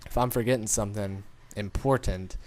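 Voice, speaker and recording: A man's voice: on the low side, steady tone, normal speed. A man giving casual gameplay commentary, rambling and informal, talking straight to his viewers. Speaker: gaming commentator.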